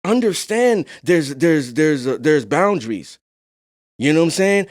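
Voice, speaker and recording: A young adult man hosting a podcast, talking in a casual discussion, soft-spoken and calm but rising to animated emphasis. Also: fairly high pitch, normal speed, dry recording, clean studio sound. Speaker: podcast host.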